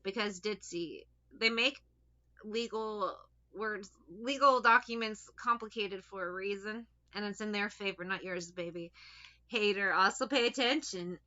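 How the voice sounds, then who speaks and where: A woman's voice: mid-range voice, a little slow, sharp tone. A woman giving a casual tarot reading. She talks in a chatty, blunt way, swears now and then, and gives direct advice. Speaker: tarot reader. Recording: dull lo-fi recording.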